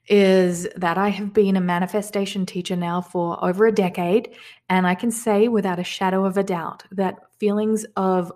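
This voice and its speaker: A woman who teaches manifestation, leading listeners through affirmations and repeating them slowly and calmly. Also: medium pitch. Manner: calm, slow repeated affirmations. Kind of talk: guided affirmation lesson.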